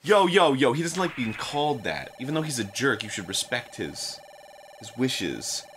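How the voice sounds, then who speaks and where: A young man co-hosting a casual gaming chat, loud, profane and quick to laugh. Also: mid-range voice, big pitch swings, slight background noise. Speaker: co-host. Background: game music.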